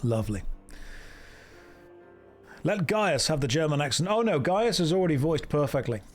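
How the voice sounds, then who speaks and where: Male streamer, dry sarcastic live commentary, lively pitch, faint game music behind. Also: normal speed. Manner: sarcastic, jokey running commentary.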